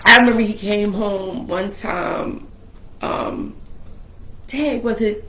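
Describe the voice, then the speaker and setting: A woman telling a personal family story in casual conversation, animated and acting out the voices she quotes. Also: mid-range voice, slow, echoey room. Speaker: guest sharing a family story.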